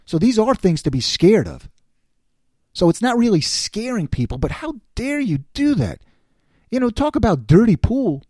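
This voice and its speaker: Animated sarcastic man ranting on politics. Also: high voice, normal speed, no echo, clean studio sound. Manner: animated, sarcastic, quotes others in put-on voices. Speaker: podcast host. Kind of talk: opinionated political commentary monologue.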